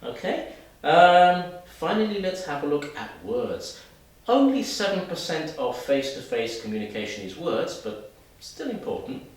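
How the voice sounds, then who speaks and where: A man teaching a video lesson, talking straight to the viewer in a lively, demonstrative way. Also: a little high, normal speed, heavy reverb, far from the mic, rough recording. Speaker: English teacher.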